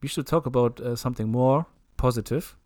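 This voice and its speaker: Halting young man in casual chat. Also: medium pitch. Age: young adult. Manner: relaxed, halting with repeated words and "uh", dry jokes. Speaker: podcast co-host.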